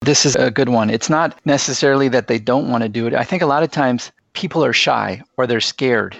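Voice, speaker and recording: A man's voice: medium pitch, fairly quick, vocal fry, a bit bright, dry recording. A man speaking as a podcast guest, earnest and enthusiastic as he tells stories. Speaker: guest, sales executive. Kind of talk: podcast interview.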